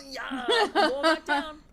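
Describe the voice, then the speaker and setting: A woman streamer giving casual, chatty reaction commentary with quick exclamations. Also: high-pitched, fairly even intonation, a crowd in the background.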